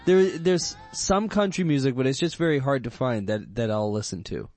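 A man co-hosting a casual comedy podcast, talking in an animated way and laughing often. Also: medium pitch, normal speed, soft background music.

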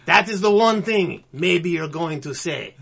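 A man's voice: fairly high pitch, expressive, measured pace, vocal fry, a bit bright, a little hiss or hum, pitched above the performer's own voice, heavily acted. A man voicing a boastful, vodka-bellied older Russian man in a mock Russian accent, with broken English and a mock-proud, chuckling delivery. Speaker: podcast co-host in a comedy bit.

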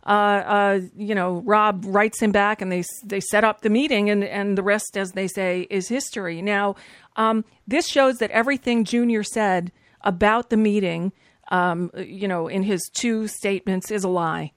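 A woman's voice: medium pitch, fairly even intonation, normal speed, no room sound, clean studio sound. A woman co-hosting a casual political chat, reading documents aloud with wry asides. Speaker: podcast co-host.

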